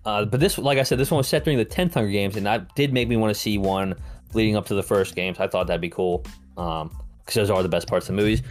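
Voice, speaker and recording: A man's voice: lowish voice, fast talker, soft background music. A man co-hosting a film review podcast, chatting casually with lots of fillers and the odd swear word. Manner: rambling, filler-heavy and profane. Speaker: podcast co-host reviewing films. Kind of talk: casual chat.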